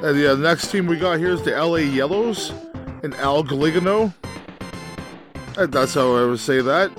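A man from Canada co-hosting a casual gaming podcast, making dry, teasing jokes and reading lists in a deadpan way. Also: fairly high pitch, moderate pace, over music. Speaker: podcast co-host.

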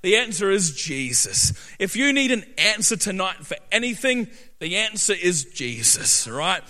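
Male preacher, high and sharp, emphatic, builds to shouts, recorded with long hall reverb. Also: sing-song, unhurried. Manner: emphatic, repeats rhetorical "right?", builds to shouting. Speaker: pastor. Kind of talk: sermon.

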